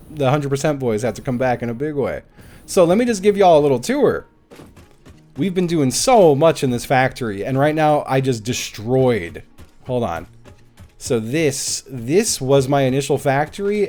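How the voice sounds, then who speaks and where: A man's voice: mid-range voice, a little mellow. A man streaming a game live, chatting casually and animatedly with his viewers, swearing now and then. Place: at home.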